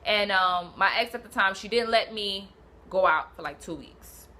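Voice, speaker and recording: A young woman from Brooklyn, telling a personal story in a casual, animated, slangy way and acting out what people said. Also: mid-range voice, moderate pace. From Brooklyn, New York. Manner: animated, swearing, slangy, acts out quotes.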